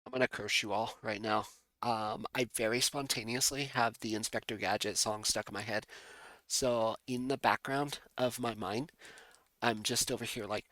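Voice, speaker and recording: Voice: medium pitch, fairly even intonation, normal speed, fairly bright tone, no echo. A streamer chatting casually while drawing, playful and rambling, with frequent giggly asides. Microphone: desk microphone.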